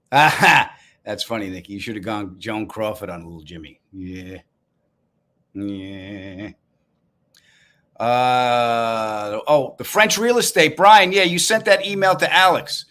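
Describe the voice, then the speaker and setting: A man's voice: on the low side, slow, long pauses. Male comedian with a Long Island accent, hosting a casual live stream; dry, wry delivery. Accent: Long Island New York. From Long Island, New York. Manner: wry, deadpan storytelling with asides to viewers. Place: apartment room, indoors.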